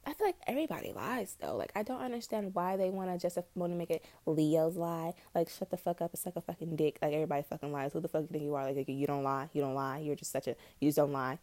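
Blunt, cursing young woman rambling high. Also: fast talker, hardly any pauses, dark tone, no room sound. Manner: profane, blunt and scattered. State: high on weed. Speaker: podcast host. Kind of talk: casual rambling monologue.

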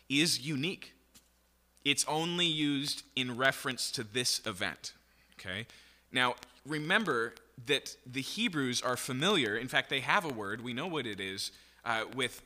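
Bright-voiced man teaching in a reverberant hall. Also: fairly low pitch. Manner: explanatory, checks in with repeated "okay?". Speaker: Bible teacher. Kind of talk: sermon-style Bible teaching.

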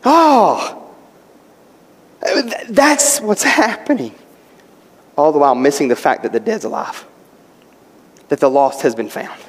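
A man's voice: on the high side, lively intonation, takes it slowly, pauses often, breathy edge. A man preaching a sermon as pastor, impassioned, repeating words and asking rhetorical questions. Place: church sanctuary. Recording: long reverb of a large hall.

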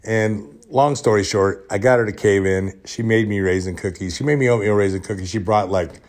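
A man hosting a podcast, telling a deadpan workplace story in a casual, joking way and dropping into whispers to act out the scenes. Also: on the low side, a little fast. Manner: deadpan, joking storyteller who drops into whispers when retelling. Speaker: podcast host.

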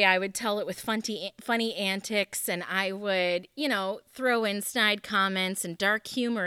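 A woman's voice: fairly high pitch, a bit bright, clear, resonant tone, no echo, clean studio sound. Earnest woman telling a personal story. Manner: earnest, candid, conversational. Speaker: small group leader.

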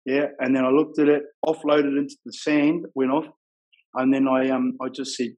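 Middle-aged New Zealand man, husky, mid-pitched, blunt casual storyteller peppered with "bro". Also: level tone, normal speed, a little mellow, rough recording. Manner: rough-edged, frank, says "bro" and "you know what I mean" often. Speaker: guest telling his life story.

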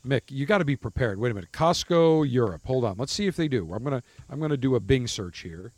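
A man's voice: medium pitch, expressive, quick pace, no room sound. A man hosting a podcast in casual banter, blunt and teasing, with a mock-military swagger. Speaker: podcast host.

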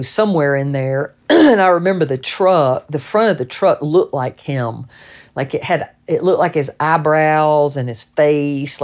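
Woman from Georgia, storyteller, low voice, unhurried candid telling, dull lo-fi sound. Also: a little mellow. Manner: slow, plainspoken, candid. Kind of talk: personal memoir storytelling.

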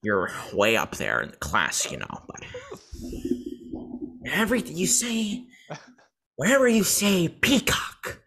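A man's voice: a little high, huge pitch swings, slow pace, creaky, pauses often, sharp tone, breathy edge, pitched above the performer's own voice, heavily acted. A man putting on the Joker, a taunting male villain who sneers at his listener. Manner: sneering, taunting, breaks into giggles.

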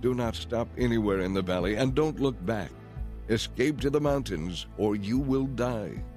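A man's voice: on the low side, lively intonation, normal speed, darkish tone, faint music behind, natural voice. A man voicing stern angels giving urgent, commanding warnings in a storybook reading.

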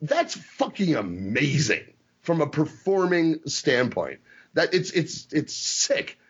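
A man co-hosting a podcast in casual chat, excitable and swearing, acting out impressions as he talks. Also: fairly high pitch, takes it slowly, slightly rough, dull audio. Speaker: podcast co-host.

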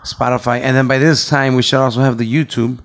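A man with a gravelly, creaky voice hosts a laid-back podcast, talking loosely and profanely as he drifts between English and Spanish. He carries a Chicago accent and speaks at an ordinary, middle pitch. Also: level tone, fast. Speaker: podcast co-host. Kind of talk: casual podcast chat.

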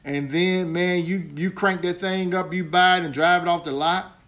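A male pastor preaching in an easygoing, talky manner. His voice sits a little high for a man, and he circles back to repeat key lines, often stumbling over his first words before pressing on. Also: fairly even intonation, normal speed, fairly bright tone. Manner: conversational preacher, repeats points, stammering restarts. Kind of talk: sermon.

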